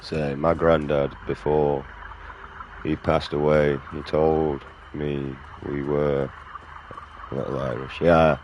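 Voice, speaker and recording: Male streamer, extremely low voice, profane drawling banter, faint hiss behind. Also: little pitch movement, slow, darkish tone. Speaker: gaming streamer. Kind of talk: casual commentary while playing.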